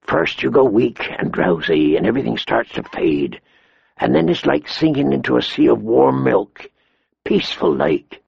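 A man doing a grim, gravelly old soldier. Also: very animated, moderate pace, no echo, muffled recording, full character voice. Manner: low, heavy, brooding delivery. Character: grizzled older male man-at-arms, gruff and grim.

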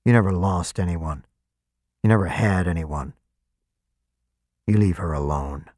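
A man's voice: sits low, unhurried, darkish tone, no room sound, clean studio sound. A man growling as a bitter, hostile man. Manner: growling, curt.

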